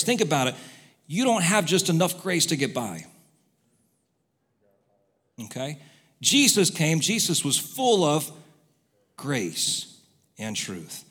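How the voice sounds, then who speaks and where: A man preaching a sermon, telling stories and moving between quiet asides and loud exhortation. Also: a little high. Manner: storytelling, swings from soft to loud exhortation. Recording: long hall reverb.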